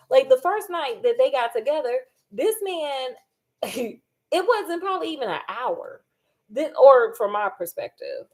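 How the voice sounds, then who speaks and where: A woman vlogging while she cooks, chatting casually in an animated, sassy way and acting out quotes. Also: high voice. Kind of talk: casual chat while cooking.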